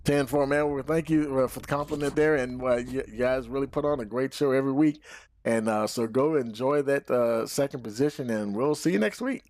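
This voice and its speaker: Man, race broadcast host, folksy drawn-out talk, dry close sound. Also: mid-range voice, a little mellow, dry recording. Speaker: broadcast host interviewing drivers. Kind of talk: post-race interviews.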